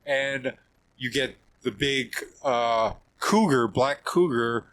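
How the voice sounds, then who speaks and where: Оживлённый мужчина средних лет, рассказывающий истории в подкасте, лёгкий фоновый шум. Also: male voice, medium pitch, slow pace, slight background noise, poor audio. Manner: animated, acts out quoted voices, frequent restarts and laughs. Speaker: podcast guest, trail runner. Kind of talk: casual storytelling interview.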